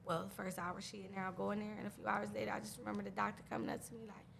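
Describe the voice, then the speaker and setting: Grieving woman with a gravelly voice. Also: medium pitch, flat delivery, fairly bright tone, a little hiss or hum. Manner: raw, halting, nervous laughter through grief. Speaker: guest. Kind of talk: emotional personal storytelling.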